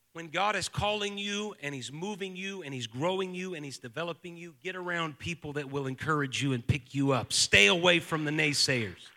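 A male pastor preaching a sermon to a live congregation. He moves from soft-spoken teaching to shouted, fervent preaching and calls on the listeners to answer aloud. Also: a little high. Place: church sanctuary with a live congregation.

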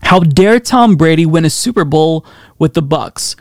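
A man's voice: fairly high pitch, animated, a little slow, no room sound. A man hosting a podcast, reading out song lyrics with sarcastic, dry, mocking asides. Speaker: podcast host.

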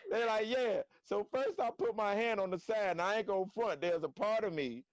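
A man telling a story in casual slangy talk on a live stream, animated and acting out quotes. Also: high voice, brisk, no echo, dull audio. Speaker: guest storyteller.

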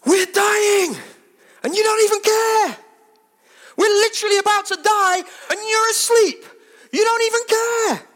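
A man voicing terrified fisherman disciples who shout and plead in high, strained voices. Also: big pitch swings, a little fast, exaggerated voice. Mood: panicked. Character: terrified fisherman disciples, adult men, panicking.

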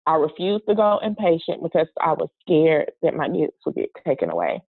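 A woman telling an emotional personal story in an interview, speaking in a halting, earnest way. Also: sits low, big pitch swings, creaky, breathy edge, no echo. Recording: dry, tinny phone-like sound.

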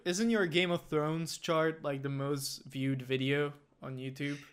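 A man hosting a casual podcast, chatty and quick to laugh as he trades stories. His voice sits a little higher than most men's. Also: fairly even intonation, smooth. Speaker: podcast host.

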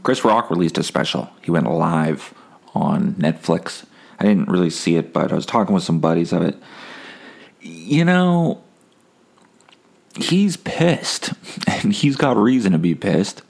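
A man's voice: deep voice, vocal fry, darkish tone, breathy edge. A man hosting a casual solo podcast, rambling and wry, swearing freely. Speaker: podcast host.

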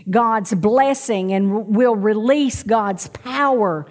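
A woman's voice: mid-range voice, slow pace, big-room sound. A middle-aged woman preaching a sermon to a congregation, calling out for amens and asking them to repeat after her. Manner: calls out to the congregation, asks for amens.

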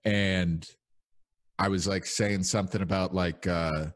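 Young male podcast host, very deep voice, loose rambling storyteller. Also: steady tone, unhurried. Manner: rambling storyteller, many fillers. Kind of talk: casual chat.

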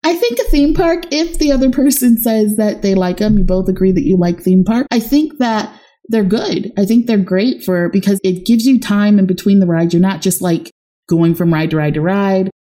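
A woman's voice: medium pitch, normal speed, dark tone. A woman in casual chat, telling a dating story with lots of laughter.

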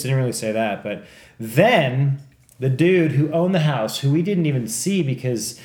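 A man's voice: medium pitch, normal speed. A man casually telling a story on a podcast, swearing a lot and acting out the people in it. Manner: profane, animated, acts out other people in the story. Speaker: podcast co-host. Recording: echoey room.

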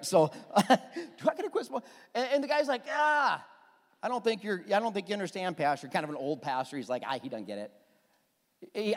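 A man preaching a sermon as pastor, lively and joking, acting out little quoted exchanges. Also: a little high. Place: church sanctuary. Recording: long church hall reverb.

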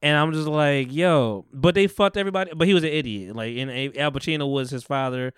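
A man with a somewhat high, smooth voice talks through a podcast in casual chat. He rambles and gets animated, swearing offhand and acting out quotes. The sound is dry and close. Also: brisk, dry recording. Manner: rambling, animated retelling with profanity and acted-out quotes. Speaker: podcast host.

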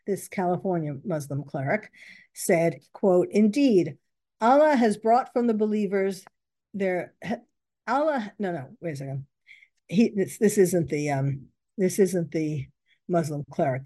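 A woman's voice: on the low side, lively intonation, measured pace, mellow. A woman commenting on news reports, reading out quotes and stopping to correct herself.

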